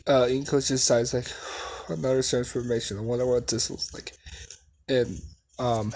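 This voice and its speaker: A man improvising and narrating a fan story, halting often with fillers and laughing at his own slips. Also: medium pitch, a little mellow, husky, low-quality recording. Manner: halting, full of fillers, self-deprecating.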